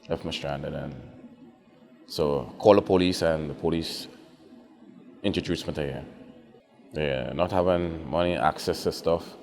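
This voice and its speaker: Man, 40s, very deep voice, hesitant, halting, documentary interview. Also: a little mellow. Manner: hesitant, says "you know" a lot. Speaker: interviewee at a shelter.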